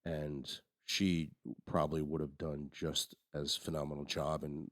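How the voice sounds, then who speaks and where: A man with an extremely deep voice talks through a movie review in a loose, rambling way, often restarting his sentences. The recording is dry and close, with no room sound. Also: flat delivery, unhurried, no echo. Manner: rambling, frequent restarts and fillers. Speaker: podcast co-host. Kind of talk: casual movie review chat.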